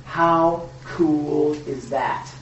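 A man co-hosting a casual Bible teaching, animated and joking, with emphatic rhetorical questions. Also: a little high, extremely slow, dull audio, slight background noise. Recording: echoey room from a distance.

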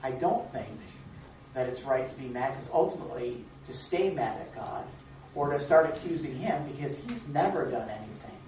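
A man leading an interactive Bible lesson, asking the group questions and affirming their answers in a lively way. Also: mid-range voice, slight background noise. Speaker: teacher leading a Bible class. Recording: echoey room, distant mic, dull sound.

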